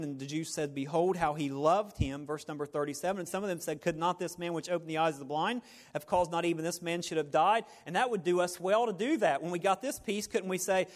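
Animated high-voiced male preacher. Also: in a large hall. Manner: animated, swings between hushed and loud, jokey asides. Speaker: pastor. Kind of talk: sermon.

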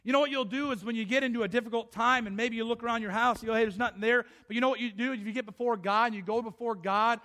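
A man's voice: extremely high pitch, fairly even intonation, rapid-fire, hardly any pauses, sharp tone. A middle-aged man preaching a sermon as pastor, impassioned, often acting out the voices of the people in his story.

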